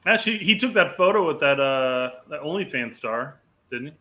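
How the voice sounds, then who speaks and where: Bright-voiced man in casual soccer chat. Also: a little high, expressive, normal speed. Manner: rambling, stammering restarts, laughs often. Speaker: podcast co-host.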